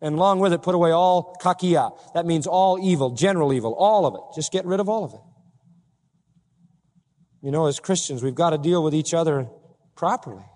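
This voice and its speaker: Man, pastor, sermon, high voice, emphatic then hushed, reverberant hall. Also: brisk. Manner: preaching with wide swings between loud emphatic peaks and quiet low asides.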